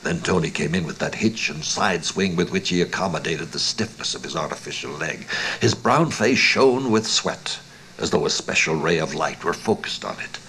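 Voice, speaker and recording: A man's voice: low voice, moderate pace, sharp tone, a little hiss or hum, low-quality recording. A man narrating a western short story for an audiobook, in a dramatic delivery that often drops to a whisper.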